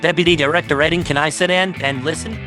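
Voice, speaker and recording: Brief: a man as a keen young recruit, slightly raised pitch, loud music underneath. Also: steady tone, fast talker, natural voice. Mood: eager. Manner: eager, pleading. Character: eager young male junior agent.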